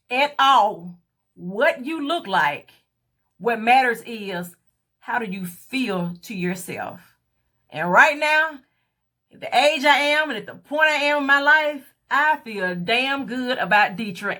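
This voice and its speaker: A woman's voice: on the high side, expressive, takes it slowly, sharp tone. A young adult woman vlogging a candid, emphatic motivational talk about confidence, acting out what others said to her. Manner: candid, emphatic, acts out quoted voices.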